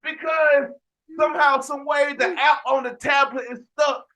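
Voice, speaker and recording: A man hosting a casual sports podcast, telling an animated, ranting story with frequent restarts and shouted emphasis. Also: very high-pitched, moderate pace. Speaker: podcast host.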